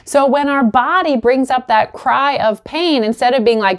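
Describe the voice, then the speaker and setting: A woman practitioner giving calm, encouraging advice straight to the viewer. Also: high-pitched, normal speed, hardly any pauses. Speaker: acupuncture practitioner and healing coach. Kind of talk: direct-to-camera advice talk.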